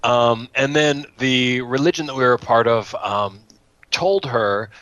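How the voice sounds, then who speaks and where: A man's voice: medium pitch, unhurried, fairly bright tone, no echo, dull audio. Guy on a podcast mic, dry sound, laughs a lot, keeps stumbling on words. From United States. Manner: chatty, laughs often, stumbles and repeats words. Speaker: podcast co-host. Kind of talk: casual chat.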